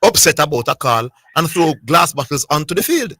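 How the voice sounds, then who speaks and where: A man with a Jamaican accent on a sports talk panel, arguing with quick, pointed rebuttals. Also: a little high, sing-song, pushed and bright, dry recording. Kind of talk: heated studio debate.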